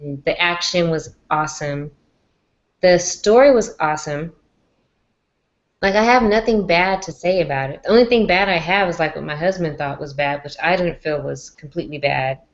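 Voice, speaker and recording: A woman's voice: low-pitched, moderate pace. Bubbly woman gushing in casual chat. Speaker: guest in live chat. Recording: dull lo-fi stream audio.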